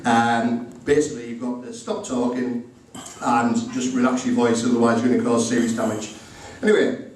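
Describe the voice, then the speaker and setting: A man's voice: medium pitch, little pitch movement, moderate pace, slight background noise. A middle-aged man giving a humorous wedding speech as the groom, acting out both sides of each conversation. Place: indoor wedding reception room. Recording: very echoey room recorded from far off.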